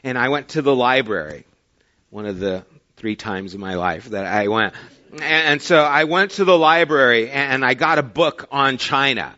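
Emphatic male pastor, bright voice. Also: highs cut off. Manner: storytelling, swings from loud emphatic to quiet and low. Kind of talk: sermon.

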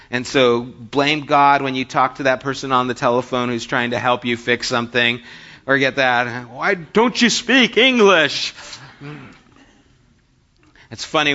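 Bright-voiced American pastor preaching. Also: male voice, medium pitch. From United States. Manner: conversational, reads scripture and tells jokes. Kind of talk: sermon. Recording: dull lo-fi recording.

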